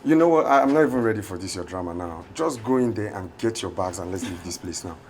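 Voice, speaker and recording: An actor with a Nigerian accent playing an angry husband who shouts, insults and repeats himself. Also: male voice, low-pitched, lively intonation, fast talker, slight background noise. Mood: scornful. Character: furious shouting husband, scornful and bullying.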